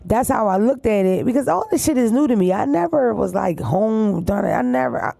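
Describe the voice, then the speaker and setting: A woman's voice: on the high side, big pitch swings, brisk, vocal fry, warm tone, no room sound. A woman comedian with a Delaware accent, talking bluntly and profanely as a guest on a casual podcast. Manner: blunt, profane, streetwise storytelling.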